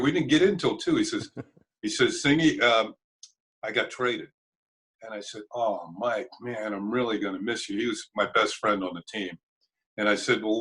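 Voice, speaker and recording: An older man with a low voice tells stories from his playing days at an easy pace, laughing now and then. He acts out the lines of people he quotes. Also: fairly bright tone, rough recording. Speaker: former ballplayer and broadcaster, guest. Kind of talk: casual storytelling interview.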